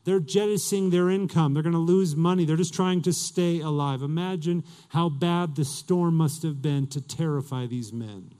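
A man's voice: on the high side, moderate pace, few pauses, mellow, clear, resonant tone. A male pastor preaching a sermon in a conversational way, asking his listeners questions and reading scripture aloud.

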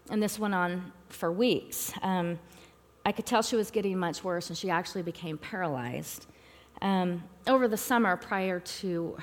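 A middle-aged woman giving a personal testimony at a church talk, earnest and halting, with frequent fillers. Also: fairly low pitch. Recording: long reverb in a hall.

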